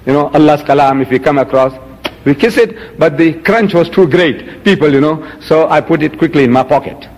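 Lecturer, male, high voice, indignant and rhetorical, reverberant hall sound. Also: normal speed, a little mellow. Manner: indignant, rhetorical, shows items to audience. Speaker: Muslim lecturer. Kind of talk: public lecture.

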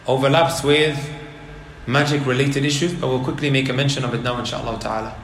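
A man giving a religious lecture to a live audience, animated and asking the crowd rhetorical questions. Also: medium pitch, a little hiss or hum. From Leicester, England. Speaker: Islamic preacher. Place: indoor hall with an audience. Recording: roomy lecture hall.

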